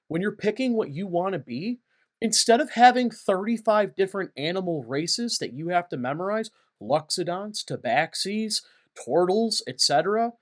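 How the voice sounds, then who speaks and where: A man hosting his own channel, talking in a playful, jokey, animated way as a game designer. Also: high voice. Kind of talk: comedic casual vlog.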